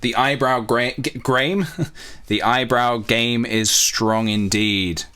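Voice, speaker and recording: A man's voice: medium pitch, steady tone, takes it slowly, bright, forceful tone, clean tone. Guy muttering to himself while he draws, easygoing, kinda rambly, ish. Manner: rambling, self-talking, playful asides. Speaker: youtuber drawing on stream. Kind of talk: casual drawing commentary.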